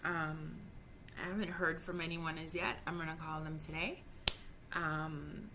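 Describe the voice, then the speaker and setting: A Jamaican woman in her thirties rants in a personal vlog, upset and frustrated, swearing freely and tripping over her words as she gets worked up. Her voice is low and flat, and she takes her time. There's noise in the background.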